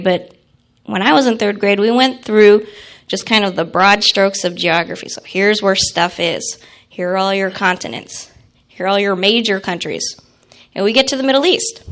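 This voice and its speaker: A young woman, a guest speaker, telling an animated personal story to an audience and acting out quoted voices. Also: medium pitch.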